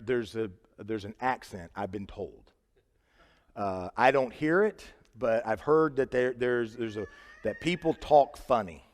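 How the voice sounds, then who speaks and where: High-voiced preacher in a church hall. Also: male voice. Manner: earnest, conversational, swings between loud emphasis and quiet asides. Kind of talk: sermon. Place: church sanctuary.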